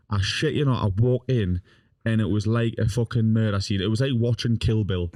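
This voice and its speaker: A man's voice: fairly low pitch, a little fast, no room sound. Swearing, laughing young man telling a story. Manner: swears constantly, lively and laughing as he tells it. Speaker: podcast guest. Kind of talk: casual storytelling chat.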